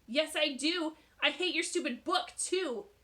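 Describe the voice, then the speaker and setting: A woman's voice: high voice, unhurried, voice pushed up. Woman doing an angry, tearful schoolboy. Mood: upset. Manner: shouting, whiny. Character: upset boy schoolkid, angry and hurt.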